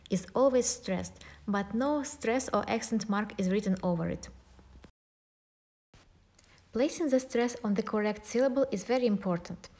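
A woman's voice: on the high side, darkish tone. A woman with a Russian accent, a native Russian speaker, teaching an online language lesson and carefully modeling pronunciations. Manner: methodical, spells out and models pronunciations slowly.

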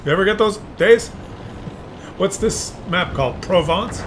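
A man commentating tank game replays, excitable and cheering players on, with loud game sounds underneath. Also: high voice, unhurried, slight background noise. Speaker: gameplay commentator. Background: tank engines and gunfire from the game.

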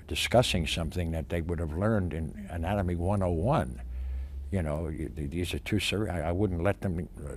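An older male actor being interviewed about his career, talking in an emphatic, animated way with many restarts and stammers. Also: low-pitched, a little hiss or hum.

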